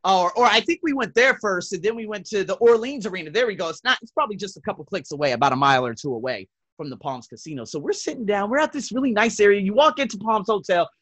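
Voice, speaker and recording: A man hosting a self-help podcast, telling casual stories with swearing and laughter, swinging between loud and soft. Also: high-pitched, lively intonation, fast talker, hardly any pauses, no echo. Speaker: podcast host. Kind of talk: casual storytelling monologue.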